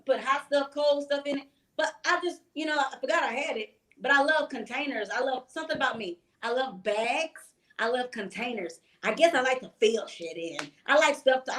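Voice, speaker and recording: A woman, co-hosting a podcast and telling stories in an animated, chatty way with frequent laughs. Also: high voice. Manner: animated, chatty storyteller who laughs often. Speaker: podcast co-host. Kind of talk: casual chat, storytelling.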